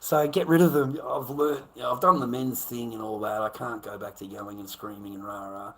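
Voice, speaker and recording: A middle-aged man with an Australian accent holds forth on his own livestream. He swears constantly, circles back over the same points, and his voice sits at an ordinary middle pitch. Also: level tone, brisk, sharp tone, low-quality recording. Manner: profane, rambling, repeats himself. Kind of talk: casual livestream rant.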